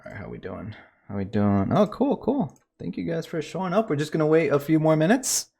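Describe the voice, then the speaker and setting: A man's voice: fairly high pitch, animated, quick pace, creaky, darkish tone, husky. A man hosting a casual livestream chat with friends, joking around and often trailing off into mumbles. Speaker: stream host.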